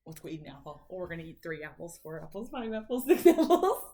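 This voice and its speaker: A woman's voice: lowish voice, sing-song, mellow. A mother patiently coaching her son through speech practice at home, prompting him and cheering him on. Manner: patient, encouraging, drawn-out prompting.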